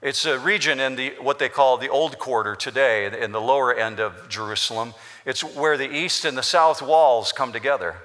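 Bright-voiced preacher in a reverberant hall. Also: male voice, mid-range voice, lively intonation, normal speed, hardly any pauses. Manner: emphatic, explanatory preaching with repetitions. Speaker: pastor. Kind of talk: sermon. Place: church sanctuary.

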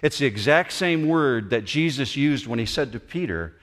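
A man preaching a sermon as pastor, animated and acting out the voices he quotes. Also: medium pitch, moderate pace. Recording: long hall reverb.

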